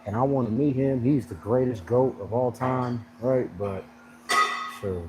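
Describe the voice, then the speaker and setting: A man's voice: mid-range voice, unhurried. A man vlogging at a gym in casual chat, rambling and laughing as he tells a story. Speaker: fitness vlogger. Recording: noisy background.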